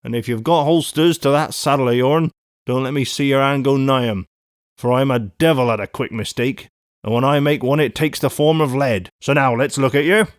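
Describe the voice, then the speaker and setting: Brief: gruff, wary coach guard, loud and raised, read by a man, dry sound. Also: mid-range voice, normal speed, dry recording, lightly acted. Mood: menacing.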